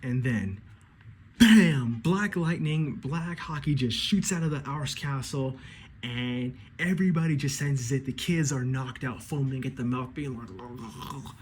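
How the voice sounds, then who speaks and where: A man giving an excitable, casual recap of a comic chapter, acting out the characters' lines and swearing freely. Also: mid-range voice, measured pace, a little hiss or hum. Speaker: anime commentator.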